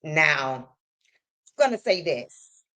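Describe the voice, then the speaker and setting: A woman's voice: low-pitched, big pitch swings, slow, bright, forceful tone, muffled recording. A woman commentator giving casual, opinionated gossip commentary to her viewers.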